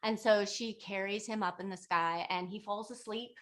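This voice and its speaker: A woman's voice: mid-range voice, moderate pace. Chatty woman retelling an old story. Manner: chatty, lots of "like" and fillers, lively retelling. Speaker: yoga and meditation teacher. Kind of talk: casual spoken storytelling.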